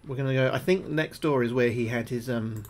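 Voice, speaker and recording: A British man streaming a game live, talking through each move, often repeating himself, thanking his viewers and getting jumpy and loud when spooked. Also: medium pitch, a little fast. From United Kingdom. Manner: chatty, repeats his own phrases, thanks viewers between moves. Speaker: gaming livestreamer. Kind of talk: live gameplay commentary.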